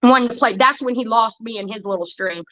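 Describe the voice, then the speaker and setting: A woman's voice: a little high, brisk, bright, forceful tone, dry recording, muffled recording. A woman streamer delivering a heated, profane rant about a falling-out with a friend, talking straight into a close mic. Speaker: livestreamer. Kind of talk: ranting livestream monologue.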